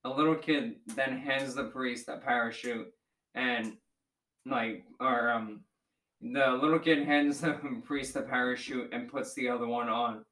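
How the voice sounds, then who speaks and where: A young man tells a joke at a steady storytelling pace, with a bright, forward tone. He sounds a little off-mic in an echoey room. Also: mid-range voice, unhurried, far from the mic. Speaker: podcast co-host. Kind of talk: telling a joke.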